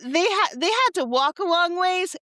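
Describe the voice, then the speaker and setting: A woman's voice: very high voice, lively intonation, normal speed, pushed and bright, dry recording, studio quality. A woman co-hosting a podcast, chatting casually and teasing as she recaps a game. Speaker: podcast co-host. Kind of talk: casual chat.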